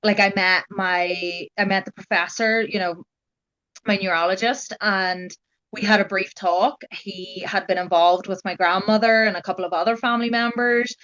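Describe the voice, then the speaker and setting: A woman's voice: mid-range voice, steady tone, normal speed, a bit bright. Chatty young woman, lo-fi sound. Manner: chatty, heavy use of "like" and "you know". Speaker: guest sharing her genetic testing experience. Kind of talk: casual conversational storytelling.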